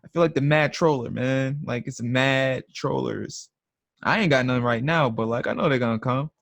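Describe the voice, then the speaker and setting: A man's voice: medium pitch, normal speed, vocal fry, fairly bright tone, no room sound. A young man hosting a live trading stream, talking in a blunt, slangy, emphatic casual rant.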